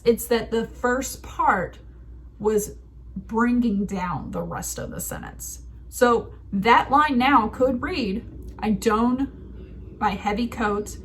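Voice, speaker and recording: A woman's voice: on the high side, a little hiss or hum. A woman in her thirties hosting a writing video, talking through a story casually and laughing at herself. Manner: chatty, animated, laughs at herself.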